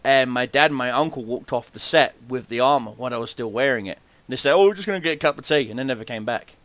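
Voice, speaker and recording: A man hosting a podcast, telling an animated story full of swearing and acted-out voices. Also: medium pitch, fast, dry recording, muffled recording. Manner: swears freely, animated, acts out quoted voices. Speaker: podcast host. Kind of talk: casual storytelling chat.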